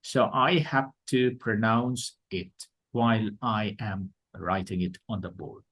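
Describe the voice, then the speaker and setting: A man giving a classroom lecture on presentation skills, deliberate and repeating his points for emphasis. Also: lowish voice, steady tone, a bit bright, slightly rough.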